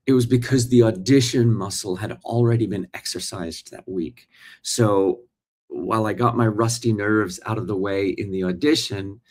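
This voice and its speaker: A man's voice: fairly low pitch, a little mellow. A man in his forties, a working actor, hosting a casual live morning stream and chatting straight to his viewers. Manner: chatty, talks straight to viewers and reads their comments.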